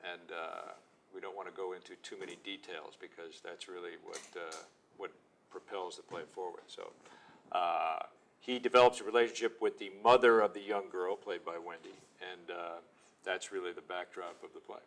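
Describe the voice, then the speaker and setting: A man with a low voice answers interview questions about his acting work. He speaks in a low-key, reflective, self-deprecating way, without much show. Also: fairly even intonation, moderate pace, gravelly, fairly bright tone, a little hiss or hum. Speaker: actor guest. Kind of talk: casual interview talk.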